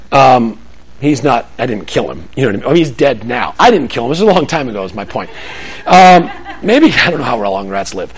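A man preaching on parenting to a live audience, animated and conversational, acting out scenes. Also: mid-range voice. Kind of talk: sermon-style teaching to a live audience.

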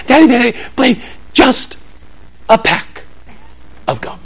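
A man's voice: very high voice, sing-song, slow pace, pitched above the performer's own voice, heavily acted. A man voicing whining young children who beg their father for candy. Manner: pleading, whiny, repetitive.

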